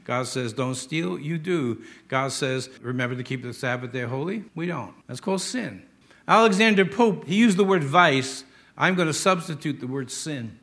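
An older man preaching a sermon as a pastor, emphatic and drawing out key words slowly for stress. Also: on the high side, lively intonation, fairly bright tone.

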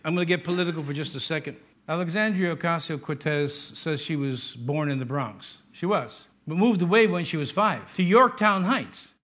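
Middle-aged pastor, New York accent, ringing tone, chatty sermon full of wisecracks. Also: male voice, fairly high pitch, moderate pace, hardly any pauses, a bit bright. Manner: joking, conversational preaching with asides.

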